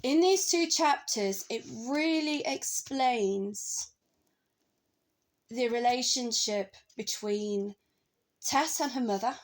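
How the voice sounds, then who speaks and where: A woman's voice: fairly high pitch, slow, poor audio. A woman talking casually about a novel she is reading, drifting into stories from her own life. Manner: chatty, wandering into personal stories. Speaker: book vlogger. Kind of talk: casual book review chat.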